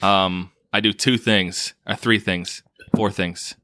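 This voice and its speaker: A man's voice: low-pitched, steady tone, takes it slowly, bright, forceful tone, no echo. A man hosting a podcast in casual chat, laughing often and joking around. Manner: laughs a lot, loose and joking. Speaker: podcast host.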